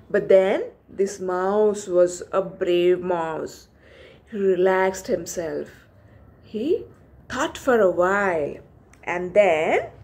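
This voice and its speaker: A woman preschool teacher telling a moral story to young children in a slow, expressive way. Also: mid-range voice.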